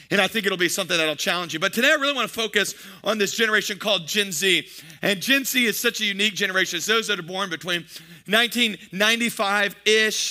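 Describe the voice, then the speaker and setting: A pastor in his thirties preaches a playful, joking sermon to his congregation, repeating words often and adding asides. His voice is high-pitched, pushed and bright.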